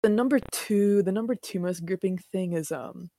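A woman's voice: mid-range voice, normal speed, dark tone, dry recording, studio quality. A woman in her twenties co-hosting a podcast in casual chat, rambling and self-deprecating, laughing often. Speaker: podcast co-host.

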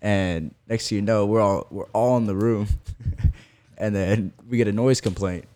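A man's voice: fairly low pitch, normal speed, a little mellow. A man on a podcast telling a team story, laughing often as he goes. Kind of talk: casual storytelling chat.

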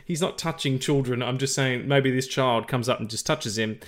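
A man's voice: mid-range voice, moderate pace. A man co-hosting a film podcast, talking casually and rambling, with lots of fillers, restarts and swearing. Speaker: podcast co-host.

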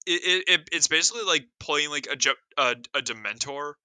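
A man's voice: fairly high pitch, a little fast, sharp tone, clear, resonant tone, no echo. A man in casual chat about a movie, wry and joking, stumbling over his restarts.

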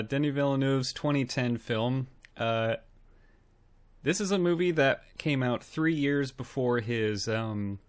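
A man co-hosting a film podcast, chatting casually with frequent ums and laughs. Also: medium pitch. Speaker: podcast co-host.

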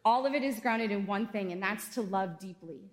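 A woman's voice: mid-range voice, brisk. A woman in her thirties, a pastor giving a conversational, earnest sermon in a church. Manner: conversational, earnest preaching with casual asides. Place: church sanctuary.

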